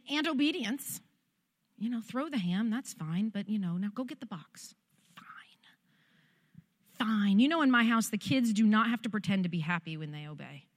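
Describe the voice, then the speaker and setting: A woman's voice: fairly high pitch, long reverb tail. A woman pastor preaching a sermon and telling a personal testimony in a conversational, heartfelt way.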